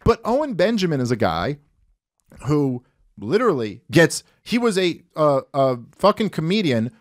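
A man giving casual reaction commentary, ranting and swearing freely as he pauses a clip. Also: fairly high pitch, sing-song. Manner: profane, ranting, impersonates others mockingly. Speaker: commentary host.

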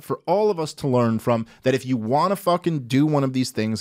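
A man's voice: mid-range voice, dry recording, studio quality. A man hosting a podcast, talking through political commentary casually, with plenty of swearing and acted-out quotes. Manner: animated, profane, acts out quotes. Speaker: podcast host.

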